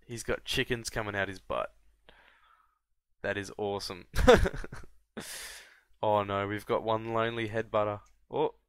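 A man from Australia, casually commentating a strategy game and often breaking into high excited yelps and laughs. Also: normal speed, smooth, no echo, studio quality. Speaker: gameplay commentator. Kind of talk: casual let's-play commentary.

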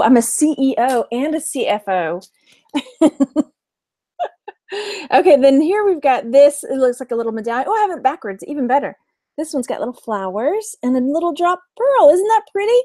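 A woman's voice: sits high, dark tone, no echo, clean studio sound. A woman in her thirties with a Texan accent, chatting casually on a live stream, giggling often and reading viewer comments aloud. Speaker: vlog host, reseller.

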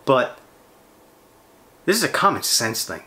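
A man's voice: medium pitch, sing-song, a little slow, pushed and bright. A man hosting a fishing channel, ranting on camera in a blunt, sarcastic, profane way. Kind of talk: ranting vlog monologue.

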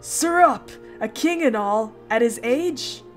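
This is game dialogue read by a woman whose voice is a little high and expressive, delivered at a slow pace over faint music. The character is a male shipwright foreman, blunt and cheerful, and she adopts a broad Northern English accent, sounding rough and hearty.

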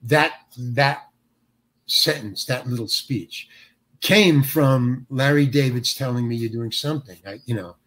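An older man, an actor being interviewed, telling a story in a halting way with many restarts and acted-out quotes. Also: medium pitch, fairly bright tone.

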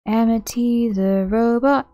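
A woman's voice: fairly high pitch, takes it slowly, warm tone, dry recording. A woman voicing a playful robot hero with a singsong delivery. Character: cheerful self-declared robot hero, female.

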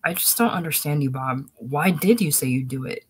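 A man voicing a young wife who questions her husband in a sharp, exasperated way. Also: fairly high pitch, normal speed, breathy edge.

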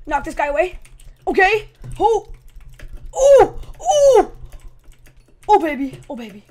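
At a moderate pace, a channel host with a high voice narrates her gameplay, chatty and excitable, teasing her opponents with playful trash talk.

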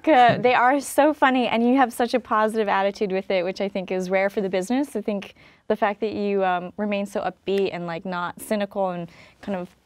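A woman's voice: mid-range voice, fairly even intonation, fairly quick, no echo. A woman hosts an interview, and she asks her questions in an encouraging, admiring way. Her voice sits in the middle range and comes through dry and close. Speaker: interviewer and host. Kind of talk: casual interview chat.

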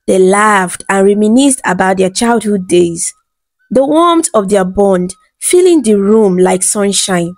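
A woman narrating a bedtime folktale in a smooth, even storytelling read. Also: mid-range voice, no echo.

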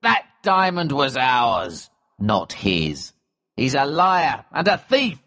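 A man reading a storybook voices a cautious friend, speaking slowly in a low, warning tone. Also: lively intonation, heavily acted. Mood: angry.

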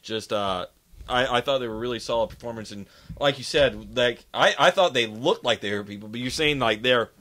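A man's voice: medium pitch, fairly quick, bright, forceful tone. A man hosting a podcast interview, loose and joking, swearing freely. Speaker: podcast host. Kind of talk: casual interview chat.

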